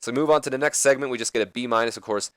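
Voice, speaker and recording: A man's voice: medium pitch, very fast, fairly bright tone, smooth, no echo. A man giving casual, rambling commentary on a wrestling management game, correcting himself as he goes. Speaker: let's play commentator.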